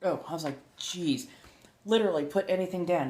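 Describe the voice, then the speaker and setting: Chatty American streamer woman, low voice, loose rambling delivery, roomy echo. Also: a little fast, darkish tone. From United States. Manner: rambling, laughs often, self-correcting. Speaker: streamer and tarot reader. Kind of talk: casual chat to live viewers. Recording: echoey room.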